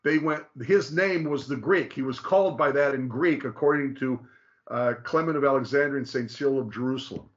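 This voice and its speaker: A mid-pitched man walks through material in a casual, explanatory way, stopping and restarting his sentences often. He slows right down to stress particular names. The audio is dull and lo-fi. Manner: halting, frequent restarts, slow drawn-out stress on names. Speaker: presenter.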